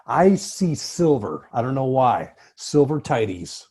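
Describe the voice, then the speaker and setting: A man hosting a relaxed chat show in a husky, slightly raspy voice. He jokes loosely and swears now and then. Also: medium pitch, slow. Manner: joking and loose, with mild swearing. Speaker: host. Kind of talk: casual political chat.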